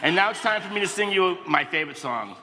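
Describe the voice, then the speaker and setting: A man's voice: high voice, expressive, fast talker, pushed and bright. Playful middle-aged man in a reverberant church. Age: 50s. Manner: playful, self-mocking, exaggerated silly sounds. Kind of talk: reading a children's book aloud to kids. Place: large church sanctuary. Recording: reverberant church hall, faint noise.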